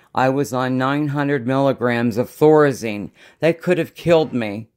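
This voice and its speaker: A man who works as a psychic medium, talking to camera in a rambling, casual vlog and often losing his train of thought. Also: mid-range voice.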